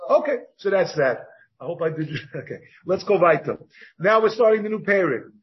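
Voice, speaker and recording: Rabbi guy giving a talmud shiur, fairly high voice, keeps asking "so what?" to himself, kinda dull lo-fi sound. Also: lively intonation, normal speed. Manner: thinks aloud with repeated rhetorical questions. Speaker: rabbi teaching a Talmud class. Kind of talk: Talmud lecture. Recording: dull lo-fi recording.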